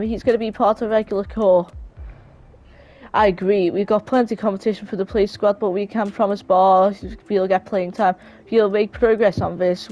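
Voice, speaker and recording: A woman's voice: medium pitch, warm tone, lightly acted, poor audio. A woman voicing stiff, formal football officials in a contract talk, in a weird put-on voice. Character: stiff formal club official and player agent.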